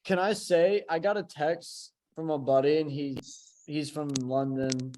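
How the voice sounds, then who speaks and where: A man on a football podcast panel, telling a story in an animated, incredulous way. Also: fairly high pitch, measured pace, low-quality recording. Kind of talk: casual football chat.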